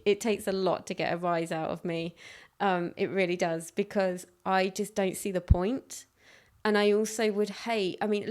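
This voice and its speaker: A woman's voice: medium pitch, a little mellow. Frank, chatty woman podcast host. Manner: frank, chatty, with quick restarts and acted-out quotes. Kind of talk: casual solo podcast monologue.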